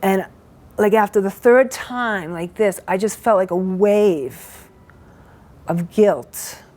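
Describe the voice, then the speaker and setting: A woman at a middling pitch gives a heartfelt personal testimony. Her voice is shaky with emotion, and her delivery is halting and earnest, breaking off and restarting as she tells it. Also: a little mellow. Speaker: event participant giving a testimonial.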